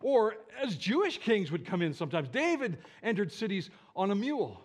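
A man preaching a sermon in a church, animated and leading the congregation in shouting together. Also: high voice, normal speed. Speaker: pastor.

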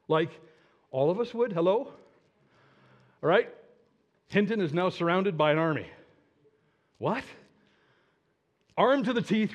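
A man preaching a sermon as a story, animated and dramatic, with asides to his listeners. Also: mid-range voice, highs cut off.

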